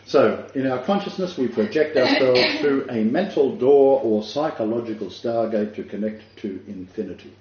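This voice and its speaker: A man giving a spiritual lecture as a rabbi to a small live group, halting, with frequent fillers and restarts. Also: mid-range voice, a little mellow. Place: room with a small audience. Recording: distant, roomy, dull room recording.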